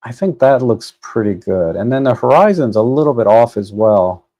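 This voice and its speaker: Here the man's mid-range voice sounds animated and dark, moving at a moderate pace with no room sound. Into a desk microphone, he casually narrates his photo editing on a livestream, restarting and filling pauses as he thinks.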